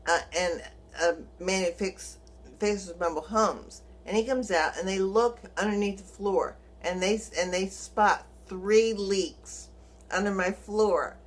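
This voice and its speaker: A middle-aged woman vlogging, telling a personal story in a lively way and acting out the dialogue. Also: mid-range voice, slow pace. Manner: animated, acts out quoted dialogue, chuckles while telling.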